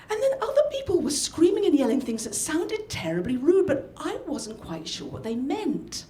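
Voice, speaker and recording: A woman from the north of England, performing a personal story live with animated, dramatic delivery. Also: high-pitched, echoey room, a little hiss or hum. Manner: animated, dramatic, acts out scenes. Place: storytelling event venue.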